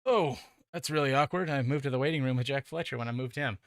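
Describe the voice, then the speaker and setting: A man's voice: medium pitch, fast talker, no room sound, clean studio sound. A man hosting a sim racing broadcast, wrapping up the show in a rambling, self-deprecating way with many fillers. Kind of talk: casual closing commentary.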